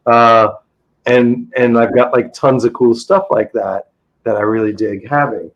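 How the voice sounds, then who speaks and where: A man's voice: mid-range voice, unhurried, low-quality recording. A middle-aged man, a guest on a podcast, telling stories in a rambling, enthusiastic way full of restarts. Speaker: interview guest, comic book dealer. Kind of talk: casual podcast storytelling.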